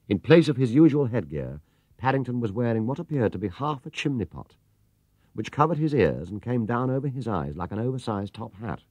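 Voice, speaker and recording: Husky, lively male storybook narrator. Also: fairly low pitch, dry recording. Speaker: audiobook reader.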